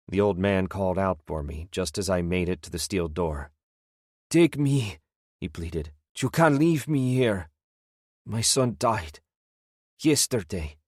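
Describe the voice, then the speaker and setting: Male audiobook narrator, low register, tense, dry booth sound. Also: dry recording. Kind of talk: first-person thriller narration.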